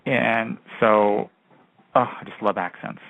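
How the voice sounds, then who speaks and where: A man's voice: fairly low pitch, steady tone, slow pace, creaky, dry recording, narrow, tinny audio. A man co-hosting a casual chat radio show, talking in a gushing, rambling way. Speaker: co-host. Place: home studio, call-in radio show.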